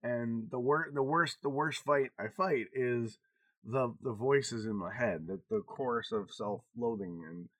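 A man's voice: medium pitch, a little slow, a bit bright, no room sound. Frank, swearing man in his forties. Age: 40s. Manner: frank and confessional, swears freely. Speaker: podcast co-host. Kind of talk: casual podcast chat.

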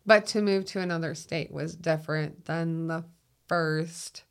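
A woman with a Minnesotan accent, a guest talking in a reflective, unhurried way and laughing easily. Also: deep voice, fairly even intonation, vocal fry, clear, resonant tone. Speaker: guest, 911 call taker and dispatcher. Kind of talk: casual conversation.

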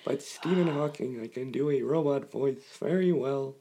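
A young man co-hosting a podcast in casual conversation. He is playful and quick to poke fun at himself, with a mid-pitched voice. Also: dark tone, slight background noise. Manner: self-deprecating, playful. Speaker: podcast co-host. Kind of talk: casual chat.

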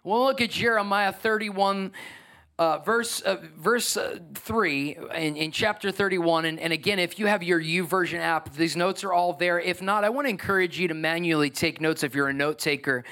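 A middle-aged man preaching a sermon as pastor, conversational and emphatic, swinging from soft to loud. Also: high-pitched, normal speed.

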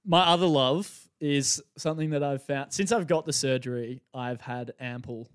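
A man chatting easily as a podcast guest, with a voice of ordinary middle pitch. He spins lively anecdotes, slips into other voices to act out quotes and breaks into laughter along the way. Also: moderate pace, clean tone. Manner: animated storyteller who acts out quotes and laughs often. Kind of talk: casual chat.

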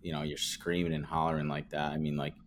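A man's voice: extremely low pitch, flat delivery, fast, background noise. A man co-hosting a casual sports podcast, talking in a laid-back, shrugging way. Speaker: podcast co-host. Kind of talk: casual chat.

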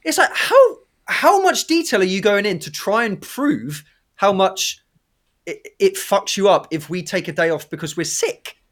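A man co-hosting a casual podcast chat, swearing freely and mimicking voices. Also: moderate pace. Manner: lively, swearing, mimics voices with big pitch jumps. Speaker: co-host, former assistant language teacher in Japan.

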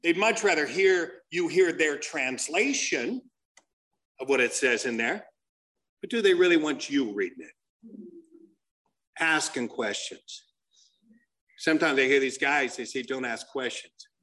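A man doing a crude, rambling stand-up comedy set, telling stories with animated put-on voices. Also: a little high, unhurried, long pauses.

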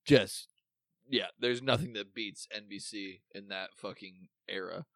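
A man's voice: fairly low pitch, unhurried, creaky, a bit bright, no echo, clean studio sound. A man co-hosting a podcast in casual chat, rambling through memories, swearing freely and losing his thread. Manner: rambling, swears often, trails off mid-thought. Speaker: podcast co-host.

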